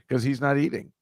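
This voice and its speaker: A man's voice: on the low side, dry recording. A man co-hosting a podcast in casual chat, rambling and musing aloud and laughing easily. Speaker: podcast co-host.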